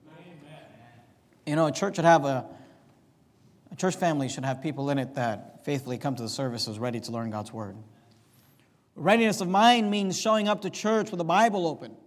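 A man preaching a sermon as pastor, moving between quiet reading and raised, emphatic preaching. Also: fairly high pitch, moderate pace, pauses often, long reverb tail. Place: church sanctuary.

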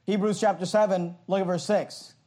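High-voiced man preaching forcefully. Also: level tone. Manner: passionate, forceful preaching with sarcastic asides; reads scripture slowly and emphatically. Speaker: pastor. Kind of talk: sermon.

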